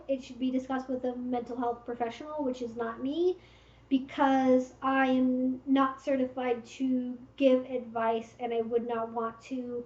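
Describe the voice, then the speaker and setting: A woman hosts a casual livestream Q&A, giving frank, direct advice packed with fillers. Her voice sits high with a darkish tone, and the stream audio is roomy and slightly dull.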